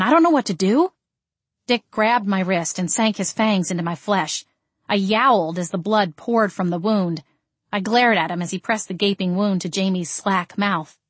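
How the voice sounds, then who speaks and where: A woman reads a first-person audiobook in a steady, expressive storytelling voice. Her pitch sits in the middle range. The recording is dry and close, with no room sound. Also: no echo. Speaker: audiobook narrator.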